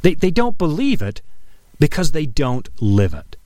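A middle-aged man preaching an earnest, emphatic radio sermon, dropping his voice low on key phrases. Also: huge pitch swings, unhurried, dark tone, dry recording. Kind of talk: broadcast sermon.

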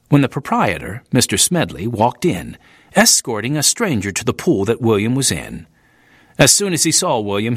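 A man reading an audiobook aloud in a clear, expressive style. His mid-pitched voice moves animatedly up and down. The close studio recording is completely dry. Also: dry recording. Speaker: audiobook narrator. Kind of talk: scripted audiobook narration.

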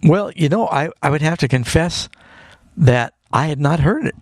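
A man's voice: a little high, lively intonation, moderate pace, no room sound, studio quality. A man who is a pastor, earnestly explaining Bible questions to callers on a call-in radio program. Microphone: studio microphone.

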